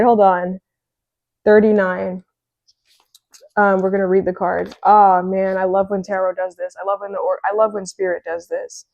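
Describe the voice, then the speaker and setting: A woman giving a casual, excitable tarot reading, chatty and full of fillers. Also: mid-range voice, moderate pace, gravelly, dry recording. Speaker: tarot reader.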